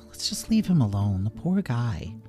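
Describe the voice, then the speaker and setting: A man raising his voice to play a gentle, sympathetic young fairy girl. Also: mid-range voice, very animated, moderate pace, soft background music, natural voice. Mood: kind. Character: kind soft-hearted young fairy girl.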